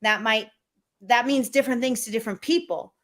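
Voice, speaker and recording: A middle-aged woman, a sales coach, talking as a guest in a video-call interview, energetic and animated, acting out quotes as she tells stories. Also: fairly high pitch, a little fast.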